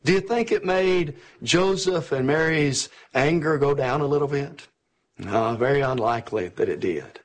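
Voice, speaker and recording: A man's voice: mid-range voice, normal speed. A male pastor preaching a sermon in a storytelling way, often posing questions to the listeners.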